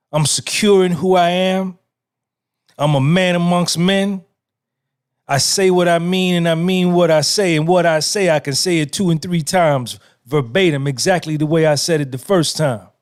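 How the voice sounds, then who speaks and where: A man's voice: a little high, normal speed. A man, hosting his own podcast in a casual monologue, emphatic and repetitive, firing off rhetorical questions. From New Jersey. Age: 50s. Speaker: podcast host.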